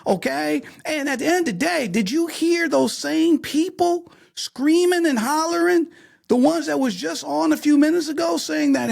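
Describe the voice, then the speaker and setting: A man's voice: very high voice, expressive, a little slow, creaky. A man hosting a podcast discussion, talking emphatically and checking in with repeated "okay?" and "right?". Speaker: podcast host.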